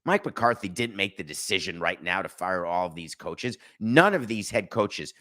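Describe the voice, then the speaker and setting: A man's voice: sits low, expressive, moderate pace, sharp tone. A middle-aged man hosting a sports podcast, giving casual, sarcastic commentary and slipping into mock voices.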